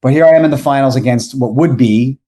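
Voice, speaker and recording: A podcast guest in his forties tells a long, rambling story, animated and often correcting himself as he goes. It's casual storytelling from a man with a medium-pitched voice who talks fast.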